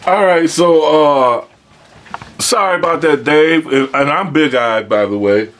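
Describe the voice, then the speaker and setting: A man's voice: on the high side, unhurried, a bit bright. A man hosting a casual chat in a basement, laid-back and chatty, laughing often. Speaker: host.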